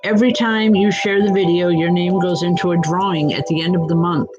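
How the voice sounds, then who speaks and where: A woman acting as a reverend and psychic medium, giving live readings in a gentle, reassuring way and calling viewers by name, with many "um" fillers. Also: on the low side, fairly even intonation, fairly quick, dull audio, music in the background.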